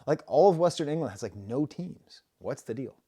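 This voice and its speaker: This casual music review video is hosted by a middle-aged American man who rambles through his points and jokes at his own expense. His voice is warm, mellow and husky, at an ordinary pitch, with lively intonation and a normal speed.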